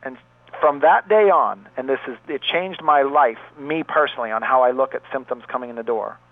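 A man's voice: mid-range voice, brisk, no room sound. A man who runs a pain therapy clinic, earnestly telling a long story from his practice as an interview guest. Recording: dry, tinny phone line.

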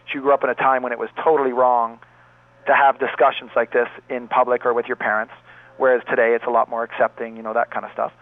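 A man's voice: medium pitch, flat delivery, quick pace, dry recording. A man who runs a pain therapy clinic, earnestly telling a long story from his practice as an interview guest. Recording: dry, tinny phone line.

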